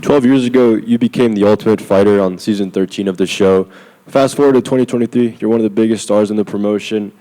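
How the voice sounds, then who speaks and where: A man's voice: lowish voice, fast, warm tone, poor audio. A man, a reporter, asking a fighter a direct question about his career.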